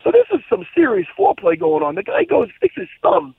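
High, gravelly man telling stories on a tinny line. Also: fairly quick. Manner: animated, profane storyteller who laughs at his own story. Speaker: podcast co-host. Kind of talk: casual storytelling chat. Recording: tinny, phone-like dry sound.

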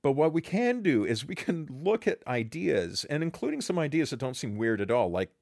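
A middle-aged man co-hosting a podcast, talking in a casual intellectual way, animated and slipping into quick acted quotes. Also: fairly high pitch, vocal fry, no room sound, studio quality. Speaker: podcast co-host and teacher.

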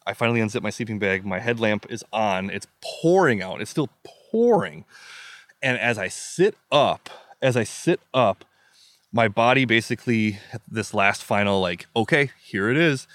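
A man from the American Midwest recounts a story as an interview guest, vivid and emphatic, voicing his own thoughts aloud. His voice sits fairly low. The sound is dry and close. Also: animated, moderate pace, a bit bright, no room sound. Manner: vivid, emphatic retelling with acted-out inner quotes. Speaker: guest telling a hiking story.

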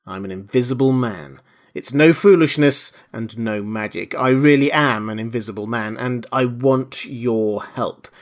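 A man's voice: mid-range voice, unhurried, natural voice. A man voicing a desperate, wounded invisible man who speaks with urgent, threatening insistence. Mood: insistent. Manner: urgent, pleading yet threatening.

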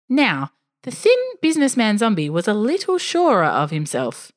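A woman's voice: lowish voice, moderate pace. A woman narrating a scripted first-person story with a dry, wry touch. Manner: expressive, dryly wry first-person telling.

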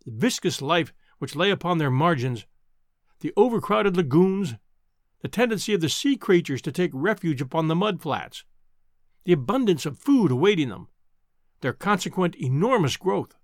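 A man narrating a classic novel aloud in a measured, expressive way. His voice sits a little high and swings widely in pitch. The recording is dry and close, with no room sound. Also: no echo. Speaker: audiobook narrator.

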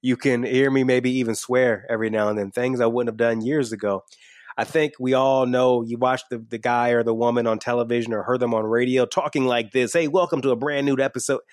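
A man's voice: mid-range voice, little pitch movement, a little fast, dry recording, clean studio sound. A man with a slight twang, candidly answering interview questions on a podcast in an earnest, upbeat way. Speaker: podcast guest and host. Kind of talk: conversational interview.

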